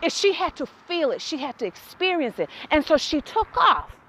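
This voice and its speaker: Woman telling a story then preaching a lil, high voice, swings up and down a lot. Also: normal speed, a little hiss or hum. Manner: animated storytelling, laughs often. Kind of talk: personal story turned faith lesson.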